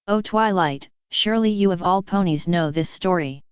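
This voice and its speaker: A woman's voice: fairly low pitch, moderate pace, clear, resonant tone, dry recording, highs cut off, lightly acted. A woman doing a regal warrior pony princess. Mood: gentle. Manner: formal, regal speech. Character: stern warrior pony princess, commanding yet tender.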